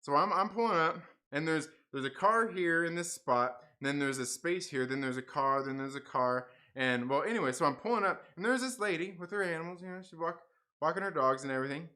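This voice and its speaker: A man's voice: a little high, a little fast. A man hosting a livestream, telling a rambling story in a casual, repetitive way and acting out the people in it. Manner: animated, repetitive, acts out voices in his story; casual, with mild swearing. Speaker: channel host.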